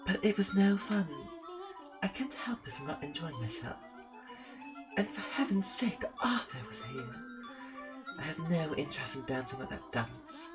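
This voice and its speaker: A man's voice: high voice, very animated, moderate pace, over music. A man voicing a haughty, spoiled young noble girl, petulant and bossy.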